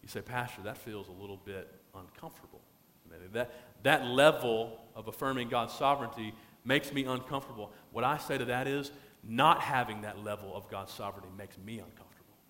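A man preaching a sermon as pastor, stretching key phrases out slowly for emphasis. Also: medium pitch, a bit bright, big-room sound.

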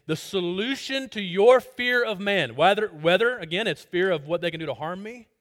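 A male pastor giving an expository sermon, emphatic and repeating key phrases, swinging between loud stress and soft drops. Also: high-pitched.

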